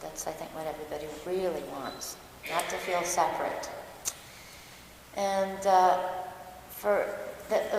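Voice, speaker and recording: A woman's voice: on the low side, a little hiss or hum. Woman telling stories in an echoey hall. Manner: candid, self-mocking, laughs often while telling stories. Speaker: dharma talk speaker. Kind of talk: personal storytelling talk. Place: large church hall. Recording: echoey hall recording with long reverb.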